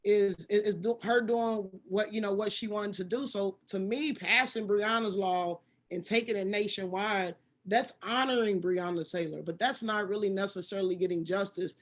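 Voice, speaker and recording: A woman speaking as a panelist in a discussion, halting and searching for her words. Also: mid-range voice.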